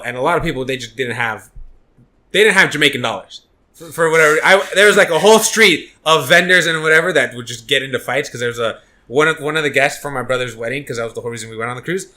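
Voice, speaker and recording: A man's voice: mid-range voice, pushed and bright. A man telling a story in casual podcast chat, rambling with many fillers and restarts. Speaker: podcast co-host.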